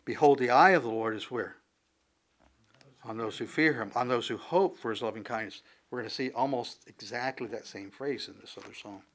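A man preaching an expository sermon, talking through scripture in a conversational, halting way with many fillers and restarts. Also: medium pitch, a bit bright. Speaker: pastor.

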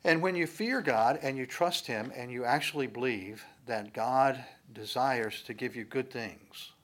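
A man's voice: mid-range voice, a little slow. Man preaching a conversational sermon. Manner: conversational teaching, rising to emphatic loud stresses. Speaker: pastor. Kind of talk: sermon, Bible teaching.

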